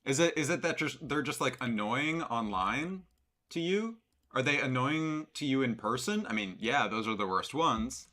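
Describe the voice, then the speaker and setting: Man, live streamer, sarcastic reaction commentary, bright tone, rambling, mocking. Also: medium pitch, animated, moderate pace.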